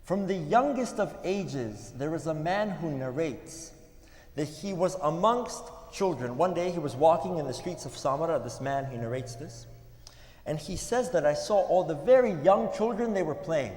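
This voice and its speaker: A man giving a sermon at a religious gathering, telling stories in an earnest way with pauses. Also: on the high side, lively intonation, a little mellow. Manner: earnest, storytelling with pauses, some restarts. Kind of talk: sermon storytelling. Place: mosque hall. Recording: echoey hall with long reverb.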